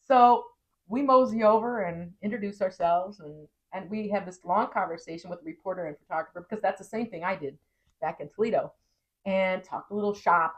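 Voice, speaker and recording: Animated woman telling a story. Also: medium pitch, a little fast, muffled recording. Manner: animated, acts out quoted lines. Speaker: TV meteorologist and vlog co-host. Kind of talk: casual storytelling chat.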